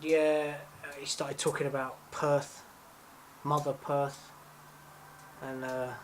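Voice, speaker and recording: A man playing the weary English brother of a madman, speaking haltingly with many fillers in a mockumentary interview. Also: mid-range voice, little pitch movement, a little hiss or hum, natural voice.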